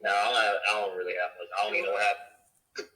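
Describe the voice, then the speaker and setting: A man's voice: on the low side, level tone, fast talker, sharp tone, low-quality recording. A man co-hosting a podcast who gives short, laid-back replies in casual chat. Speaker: podcast co-host.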